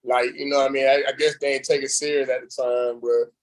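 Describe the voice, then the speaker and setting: Speaking quickly at a medium pitch, a man from a reality show recounts his story in a relaxed, meandering interview. He's lively, heavy on fillers, and imitates the people he quotes, all on poor-quality audio.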